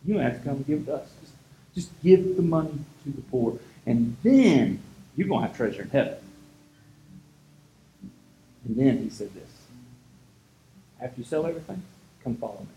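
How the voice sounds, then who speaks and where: A man's voice: mid-range voice, big pitch swings, moderate pace, long pauses, dark tone, reverberant, slight background noise, poor audio. A man preaching a casual sermon as a pastor, retelling scripture in an easygoing, conversational way.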